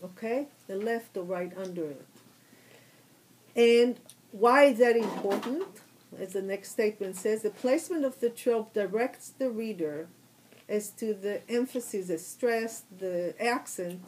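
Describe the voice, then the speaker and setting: A woman's voice: medium pitch, measured pace, a little mellow, poor audio. A woman teaching a class, explaining patiently and step by step. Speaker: trope teacher.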